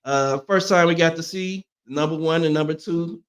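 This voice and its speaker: This is a male co-host on a morning sports talk show, talking through the game in a relaxed, agreeable way. His voice sits slightly higher than average. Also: normal speed. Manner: laid-back, agreeable, laughs along.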